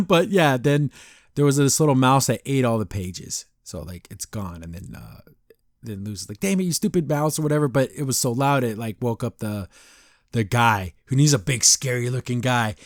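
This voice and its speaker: A man hosting a podcast, casually recapping a cartoon episode in a rambling, animated way, acting out the characters' lines. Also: mid-range voice, moderate pace, no echo, clean studio sound.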